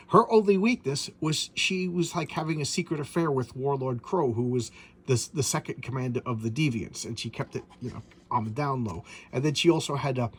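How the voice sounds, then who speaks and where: A man's voice: medium pitch, a little hiss or hum. A middle-aged man chatting casually as a comic collector, rambling and often stammering and repeating words. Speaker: comic book collector vlogger. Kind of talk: casual chat.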